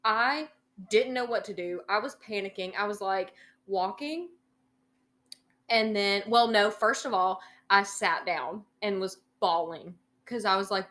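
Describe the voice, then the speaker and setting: Young woman, podcast co-host, casual storytelling, rambling with fillers, swears freely, voice of middling pitch for a woman. Her talk wanders and restarts mid-sentence. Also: animated, slow, a bit bright. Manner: rambling, many ums and likes, swears freely.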